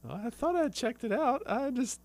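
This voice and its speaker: A man's voice: expressive, moderate pace, darkish tone. A man playing a young woman wrestler caught shoplifting, in a raised, giggly voice. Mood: defensive. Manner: raised pitch, giggly improv.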